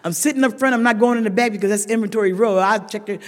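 A woman's voice: medium pitch, fast talker. A woman stands before a recovery meeting and shares her own story, blunt and funny, with vivid impressions of the people in it. Her voice carries through a large hall with a long, ringing echo. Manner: frank, humorous storytelling, lively voicing of quoted people. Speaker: speaker sharing at a recovery meeting. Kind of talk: personal recovery testimony.

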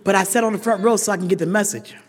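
A woman speaking at a recovery meeting, telling her story with blunt humor and lively voices for the people she quotes. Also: mid-range voice, very fast. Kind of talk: personal recovery testimony. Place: large meeting hall. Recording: reverberant hall with long echo.

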